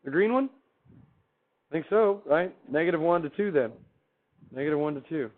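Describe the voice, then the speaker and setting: At a moderate pace, an animated man with a voice on the high side teaches math in a classroom lecture. The recording is tinny and phone-like, and his style is chatty and upbeat as he asks the class questions and answers them himself.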